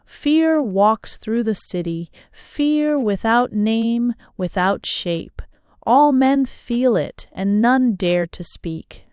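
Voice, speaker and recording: A woman reads a novel aloud at an unhurried, deliberate pace. Her voice is smooth and clear in a mid register, recorded close with almost no room sound. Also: a little high, lively intonation, a little mellow, dry recording. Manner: slow, measured reading. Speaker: audiobook reader. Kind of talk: scripted narration.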